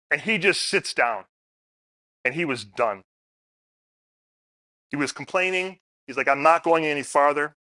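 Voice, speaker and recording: A man's voice: fairly high pitch, sharp tone, no echo, studio quality. A middle-aged man speaking at a community forum, telling stories in a casual way and asking the audience questions. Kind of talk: public talk. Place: meeting room.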